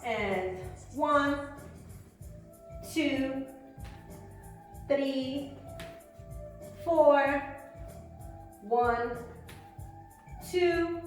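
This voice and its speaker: A woman teaching a beginner belly dance class, explaining moves and counting steps aloud as she demonstrates. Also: high voice. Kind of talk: online dance lesson, counting beats. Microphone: phone camera at a distance. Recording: very echoey room, voice from far off, faint music.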